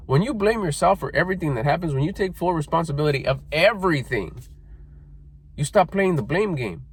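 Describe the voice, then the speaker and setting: A middle-aged man giving a blunt, profane motivational talk, scolding listeners and mocking their excuses in whiny put-on voices. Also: a little high. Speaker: motivational speaker.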